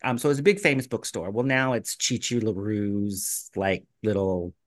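A man's voice: lowish voice, normal speed, dry recording. A man telling a long anecdote in easy, casual chat, with his voice jumping up when he acts out what others said. The recording is dry and close, with no room sound. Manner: animated, acts out quoted voices. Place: residence in a gated community.

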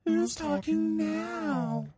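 A woman putting on a scary voice through a sound effect, taunting slowly in a drawn-out way. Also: high-pitched, over loud music, pitched above the performer's own voice. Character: spooky hallway-echo voice, adult woman.

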